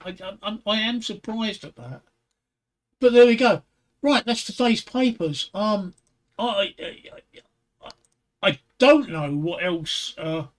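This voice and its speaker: A man hosting a casual livestream from home, telling jokes and often stammering and repeating words. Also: high voice. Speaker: host.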